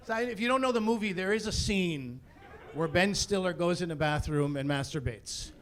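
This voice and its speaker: Stand-up comic, man in his forties, high voice, animated storyteller who ramps into fake outrage. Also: normal speed. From Canada. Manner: animated storyteller building to mock-indignant rants. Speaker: stand-up comedian. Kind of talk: stand-up comedy routine. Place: comedy stage before a live audience.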